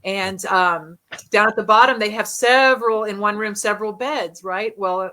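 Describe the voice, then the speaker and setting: A woman guest on a podcast, a paranormal investigator telling stories in candid, animated casual chat. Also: mid-range voice, moderate pace.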